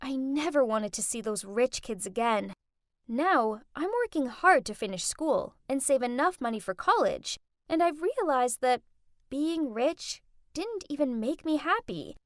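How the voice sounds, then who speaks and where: A woman narrating a first-person animated story in an expressive, dramatic teen voice. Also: high voice, unhurried, no echo, studio quality.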